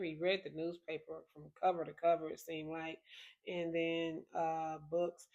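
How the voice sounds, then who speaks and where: A woman hosting a podcast, telling a personal memory in a slow, reflective and emotional way. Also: on the low side, creaky. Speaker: podcast host. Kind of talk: personal storytelling.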